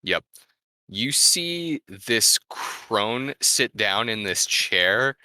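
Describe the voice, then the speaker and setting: A man narrating as game master of a tabletop game, slow and full of ums. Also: lowish voice, sharp tone, dry recording.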